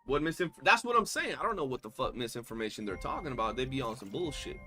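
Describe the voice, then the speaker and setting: A young man livestreaming a game, talking in a loose, animated, slangy way and swearing often. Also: medium pitch, fast, faint music behind. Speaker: streamer. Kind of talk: casual gaming livestream chat.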